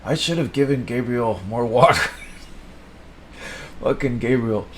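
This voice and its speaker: A man with a mid-pitched voice riffing through an absurd, profane improvised comedy monologue. He rambles loosely, drops to low mutters, then bursts into loud outcries. A faint hiss sits under the recording. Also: slow pace. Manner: rambling, profane, swings between mumbling and shouting.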